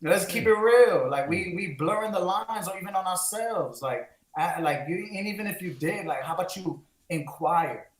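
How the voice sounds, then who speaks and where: A man's voice: high-pitched, lively intonation, moderate pace, few pauses. A man from the Bronx, co-hosting a candid podcast and speaking in an impassioned, preachy way. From the Bronx, New York. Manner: impassioned, preachy, mixes in Spanish phrases. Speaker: co-host. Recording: roomy echo.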